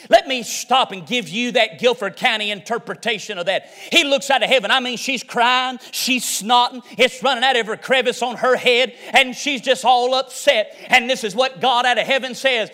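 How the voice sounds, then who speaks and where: A man preaching a fiery revival sermon, swinging between shouted lines and hushed ones. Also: extremely high pitch, brisk, few pauses.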